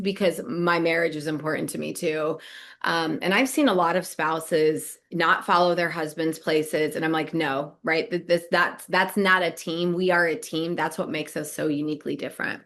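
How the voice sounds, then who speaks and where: A middle-aged woman from Nebraska, co-hosting a podcast and telling a story casually, acting out quoted lines and laughing often. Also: fairly low pitch. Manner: animated, laughs often, acts out quoted dialogue. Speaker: podcast co-host, business coach.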